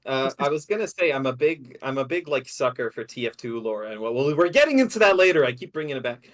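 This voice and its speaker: A man's voice: mid-range voice, a little fast. A man co-hosting a podcast, rambling through his points with many hesitations and frequent laughter. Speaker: podcast co-host. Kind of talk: casual podcast chat.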